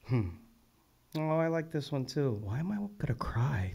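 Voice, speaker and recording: A young man hosting a live open mic, casually reading back poets' lines and praising them, swearing freely and getting loud with enthusiasm. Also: a little high, expressive, fairly quick, gravelly. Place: live event venue.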